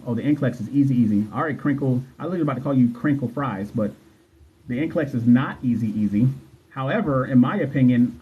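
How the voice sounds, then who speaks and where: A man with a husky, medium-pitched voice hosts a casual livestream as a nursing exam coach, reading viewer comments aloud. He's chatty and loose, repeats phrases, and tosses in slangy asides; the recording's highs are cut off.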